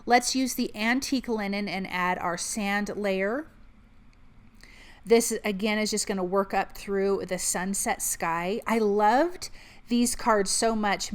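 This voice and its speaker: A woman's voice: medium pitch, steady tone, unhurried. An upbeat, chatty woman talks through a card-making tutorial step by step. She sounds like a friendly crafting host explaining her process as she works.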